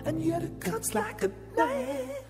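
A man singing a comedic ballad as a jilted lover, slow and mock-earnest. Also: extremely high pitch, very animated, full character voice. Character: jilted man denying he is crying. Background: music.

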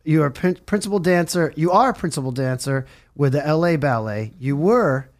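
A man's voice: fairly high pitch, expressive, moderate pace. A man hosting a recovery radio show, talking in a rambling, jokey, enthusiastic way. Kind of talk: casual interview chat. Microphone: studio mic, on camera.

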